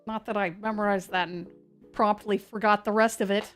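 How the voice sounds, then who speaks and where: Faint music plays as a woman hosts a live stream on severe weather, speaking in a mid-range voice with fairly even intonation and a moderate pace. She keeps the commentary casual, chatty and scattered, often poking fun at herself.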